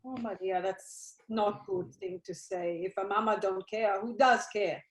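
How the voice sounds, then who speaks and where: A woman's voice: medium pitch, measured pace, natural voice. A woman reading the part of an anxious older Italian immigrant mother, pleading in broken English with an Italian accent. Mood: soothing. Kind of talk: cold-read play reading. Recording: roomy echo.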